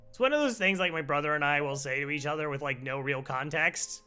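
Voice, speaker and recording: A man's voice: a little high, fast, hardly any pauses, bright, forceful tone, soft background music. A young man streaming a game live, chatting casually with viewers and making wry asides as he plays. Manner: laid-back, wry asides to chat. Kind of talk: casual game commentary with chat.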